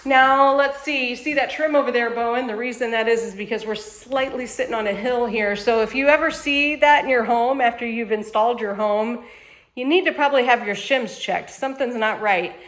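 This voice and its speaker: A woman's voice: on the high side, moderate pace, a bit bright. A woman who manages a mobile home sales lot, chatting in an upbeat way while she walks viewers around a home, outside and then inside. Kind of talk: casual home walkthrough.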